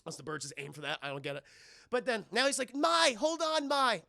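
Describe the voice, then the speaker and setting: A man's voice: on the high side, big pitch swings, rapid-fire, vocal fry, bright, forceful tone, no room sound, studio quality. A man recapping a film scene by scene to his live chat, rambling, profane and mocking. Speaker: streamer reviewing a film.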